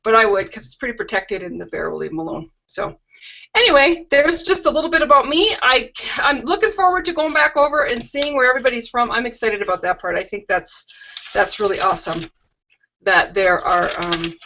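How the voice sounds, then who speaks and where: Bright, chatty middle-aged woman on a lo-fi call. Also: on the high side, animated, brisk, gravelly. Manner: chatty and rambling, with homey asides. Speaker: craft demonstrator hosting a live stream. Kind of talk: casual live-stream chat and product tour. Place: her home. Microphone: video call webcam. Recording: lo-fi video call audio.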